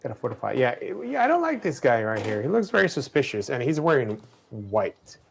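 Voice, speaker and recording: A man casually co-hosting a livestream, playfully and excitably talking through a strategy game. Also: medium pitch, fairly quick, gravelly, a little hiss or hum.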